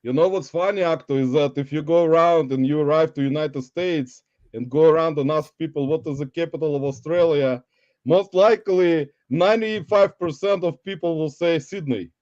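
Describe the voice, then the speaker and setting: A man's voice: on the high side, normal speed, darkish tone, no echo, dull audio. A man hosting a live stream in playful chat, mock-dramatic and theatrical, laughing often. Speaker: livestream host.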